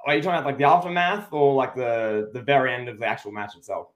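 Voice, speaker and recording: A man's voice: mid-range voice, steady tone, fast talker, echoey room. A man co-hosting a podcast, giving opinionated, emphatic takes in casual chat about a wrestling show. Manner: opinionated, emphatic, many restarts. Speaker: podcast co-host.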